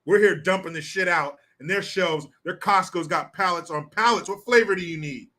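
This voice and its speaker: A man's voice: high-pitched, moderate pace, pushed and bright. A man from the United States hosting a ranting political commentary show, combative and sarcastic, with frequent profanity, reading viewer comments aloud.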